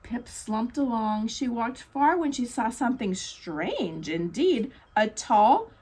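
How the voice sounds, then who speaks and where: A woman reads a children's picture book aloud, very expressive, with her pitch leaping around. Her voice sits high and she takes her time, stopping to chat with the kids. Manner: expressive, chatty asides to children. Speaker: bookstore storytime reader. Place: bookstore.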